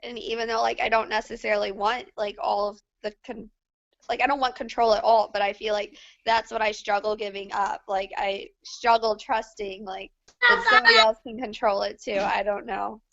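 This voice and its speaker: A woman's voice: fairly high pitch, normal speed, creaky, a bit bright, lo-fi sound. A woman in a team coaching group hedging her thoughts with many fillers over a video call. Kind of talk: casual group discussion.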